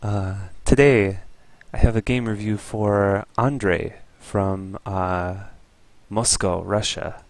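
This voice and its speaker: A man's voice: fairly low pitch, fairly even intonation, slow pace, no echo. A man giving an easygoing, explanatory review of a Go game as a teacher.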